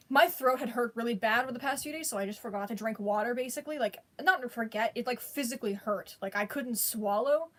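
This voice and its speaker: A woman with a voice a little above the usual pitch tells a story straight to camera. She rambles, drops slang, restarts her sentences and keeps breaking into laughter as she goes. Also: a little fast, a bit bright. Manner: breaks into laughter while telling it. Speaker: vlogger. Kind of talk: casual storytelling.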